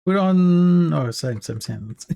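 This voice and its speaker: A South African man whose first language is Afrikaans chats casually on a livestream while reading chat aloud. His voice is gravelly and a little high for a man, and he talks slowly. He rambles with halting restarts and frequent chuckles, and he sounds worn out. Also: expressive, dark tone. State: tired after long work session. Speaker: streamer.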